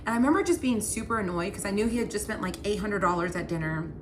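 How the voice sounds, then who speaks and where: A woman's voice: mid-range voice, quick pace, slight background noise. A young woman casually telling a personal story, acting out both sides of the argument and filling her speech with "like". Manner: animated retelling with many "like" fillers, quoting both sides of arguments. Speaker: storyteller recounting her relationship.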